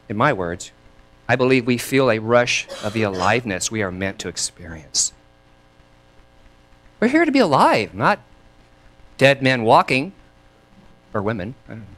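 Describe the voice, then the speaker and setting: Lively male minister giving a sermon. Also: mid-range voice. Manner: lively, chatty, laughs between thoughts; leads the congregation in call and response.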